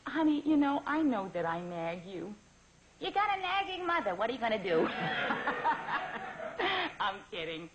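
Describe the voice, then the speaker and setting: A woman's voice: fairly high pitch, big pitch swings, a little fast. A woman playing a doting, melodramatic mother who guilt-trips her son over the phone in a classic comedy sketch. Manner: nagging, melodramatic, guilt-tripping. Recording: muffled old recording with loud hiss.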